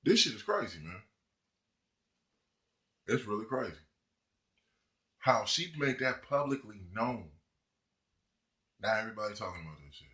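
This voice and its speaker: A man's voice: on the low side, very animated, normal speed, long pauses, bright, forceful tone. A man ranting in heated, profane commentary, talking to his viewers. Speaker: vlogger. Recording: echoey room.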